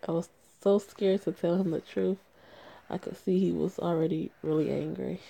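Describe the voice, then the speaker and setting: A woman reading the lines of an anxious young pregnant woman in a story game, in a low, gravelly voice. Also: steady tone, moderate pace, dark tone. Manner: reads dialogue aloud plainly.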